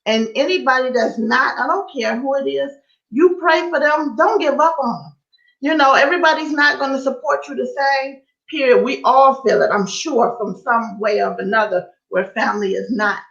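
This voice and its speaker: A woman's voice: high-pitched, normal speed, gravelly, fairly bright tone, muffled recording. A woman guest on a live-stream talk show, speaking in an encouraging, preachy way over a video call. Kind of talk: casual live-stream chat.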